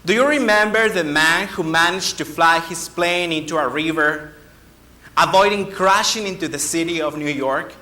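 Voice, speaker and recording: A man giving a speech-contest oration, slow and emphatic, with dramatic pauses. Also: a little high, sharp tone. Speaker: contest speaker. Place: hall. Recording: echoey hall.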